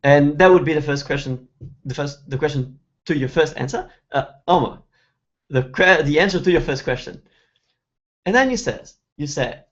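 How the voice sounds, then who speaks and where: A man's voice: on the high side, lively intonation, muffled recording. Man teaching with a raised voice. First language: Italian. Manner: reads out viewer questions, then slowly spells out pronunciation. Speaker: Italian teacher. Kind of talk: webinar Q&A lesson.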